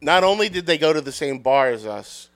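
A man's voice: fairly high pitch, lively intonation, fairly quick. A man doing a comic bar-story bit, profane and self-mocking, acting out the voices. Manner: profane, self-deprecating, acts out quotes. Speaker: podcast guest. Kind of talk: comedic storytelling.

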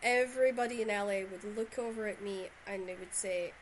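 A woman's voice: medium pitch, a little fast, slight background noise, rough recording. A woman from Shetland with a Scottish accent, hosting a podcast and chatting in long rambling runs. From Shetland, Scotland. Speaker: podcast host. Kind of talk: casual conversational interview.

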